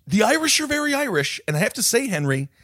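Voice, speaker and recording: A man's voice: extremely high pitch, sing-song, quick pace, fairly bright tone, no room sound, studio quality. A man co-hosting a casual comedy chat, telling rambling stories and acting out what others said. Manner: rambling storyteller, acts out quotes. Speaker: podcast co-host. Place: traveling abroad.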